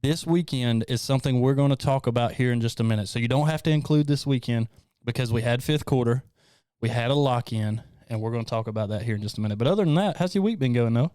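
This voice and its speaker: Guy hosting a podcast, joking and laughing, smooth clear voice, dry sound. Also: medium pitch, fast, mellow, no room sound. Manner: upbeat, joking, laughs often. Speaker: host. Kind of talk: casual podcast chat.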